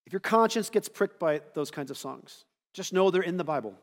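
A pastor from the United States delivers a sermon in a lively, conversational way, tossing in rhetorical asides. His voice sits a little high for a man. The sound carries a long reverb, as in a church hall. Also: fairly quick.

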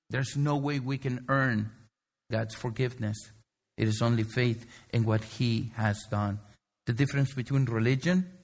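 A middle-aged man preaching a sermon in a conversational way, telling a story with many fillers and restarts. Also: medium pitch. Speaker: pastor.

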